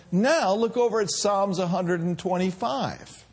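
A middle-aged male pastor preaching a sermon in a church, animated and laughing as he calls out to the congregation. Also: sits high, measured pace, breathy edge.

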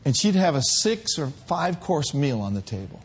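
A man from Minneapolis preaching a sermon, playful and animated, sometimes rising to shouts. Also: fairly high pitch, normal speed. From Minneapolis, USA.

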